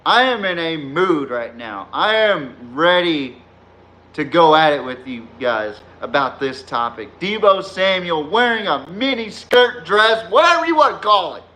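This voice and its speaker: A man's voice: on the high side, animated, a little slow, sharp tone. A man hosting a sports podcast stream, ranting heatedly with heavy profanity and trash-talking chat commenters, often laughing at his own jabs. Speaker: podcast host. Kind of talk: live-streamed sports rant.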